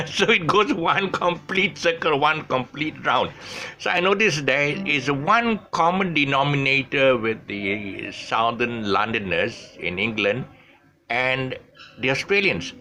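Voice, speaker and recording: A man's voice: medium pitch, pushed and bright. An older man hosting his own online show, talking casually with lots of restarts and self-corrections, chuckling at his own slips. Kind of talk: casual talk to camera. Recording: faint background noise.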